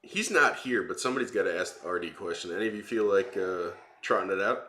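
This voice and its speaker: A man co-hosting a casual stream with blunt, joking remarks and quick comebacks. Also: sits low, sharp tone. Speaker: co-host. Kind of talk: casual livestream banter.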